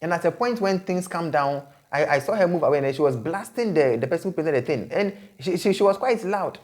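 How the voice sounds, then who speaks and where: A man hosting an advice vlog, speaking emphatically, repeating phrases and breaking into sudden high exclamations. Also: lively intonation, fairly quick, darkish tone. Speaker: host.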